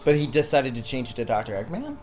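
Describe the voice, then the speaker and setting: A man's voice: medium pitch, sing-song, quick pace, music in the background. A man co-hosting a casual podcast, joking and swearing while watching a movie. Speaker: podcast co-host.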